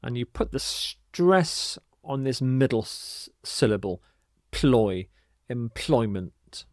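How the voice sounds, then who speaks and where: Male English teacher, mid-pitched, very slow and deliberate, emphatic pronunciation, dry close mic. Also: lively intonation, clean tone, no echo. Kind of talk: vocabulary lesson.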